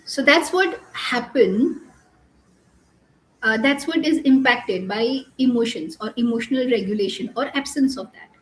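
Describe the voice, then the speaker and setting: A woman coach giving an earnest live talk on emotional regulation, explaining slowly with many restarts and pauses. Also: fairly high pitch, echoey room, low-quality recording.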